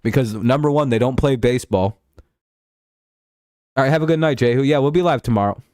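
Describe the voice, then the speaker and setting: A man's voice: medium pitch, brisk, a little mellow, dry recording, clean studio sound. A young man hosting a live stream, chatting casually about football in a rambling, profane way and reading out chat messages.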